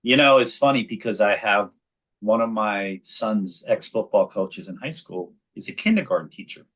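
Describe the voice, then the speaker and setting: Animated storytelling man, low voice. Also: normal speed. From New York. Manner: animated storyteller, frequent restarts. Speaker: guest, actor and children's author. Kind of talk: casual interview chat.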